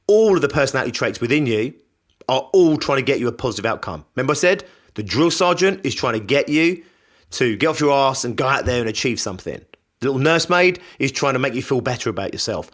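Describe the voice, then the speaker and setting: A man's voice: mid-range voice, fairly bright tone. A man hosting a podcast, delivering a conversational, reflective self-help monologue and repeating phrases for emphasis. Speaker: podcast host.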